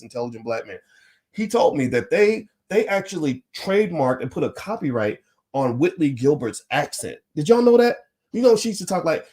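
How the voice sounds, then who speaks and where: A man speaking to camera as a finance commentator, emphatic and repetitive, with stammering restarts and laughs. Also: on the high side. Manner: laughs while talking.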